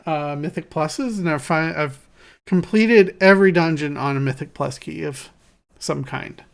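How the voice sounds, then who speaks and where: A young woman with a notably low voice co-hosts a gaming podcast. She chats casually, tosses in quick asides and laughs easily. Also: creaky. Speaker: podcast co-host. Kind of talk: casual chat.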